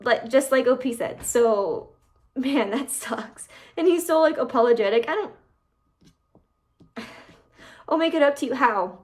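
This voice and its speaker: A woman reading online posts aloud and reacting to them in casual, animated commentary as a channel host. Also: high voice, a little slow, long pauses.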